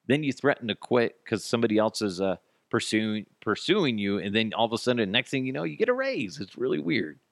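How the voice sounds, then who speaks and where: A man's voice: medium pitch, sing-song, fairly quick, vocal fry, hardly any pauses, no room sound, studio quality. A man hosting a podcast alone, giving blunt, profane, sarcastic commentary. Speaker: podcast host. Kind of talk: solo commentary.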